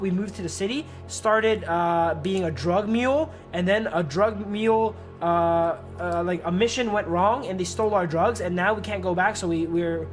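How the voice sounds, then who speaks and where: Rambling streamer man over game music. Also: high voice. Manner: loose, rambling, casual asides to viewers. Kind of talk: live game stream commentary and reading aloud. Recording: game music playing behind.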